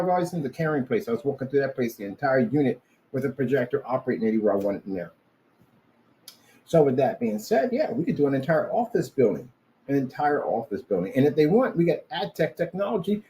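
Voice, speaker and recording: A man's voice: fairly high pitch, quick pace, slight background noise, rough recording. A man giving a rambling, boastful vlog monologue, repeating himself as he talks. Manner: animated, boastful, repetitive. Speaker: vlogger.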